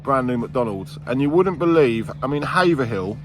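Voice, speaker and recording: A man's voice: medium pitch, animated, normal speed. A man talks to his camera outdoors on a work site, chatty and rambling with plenty of banter. A handheld camera catches his voice in the open air. Faint music sits under the talk. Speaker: vlogger, landscaping business owner. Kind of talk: casual on-site vlog chat.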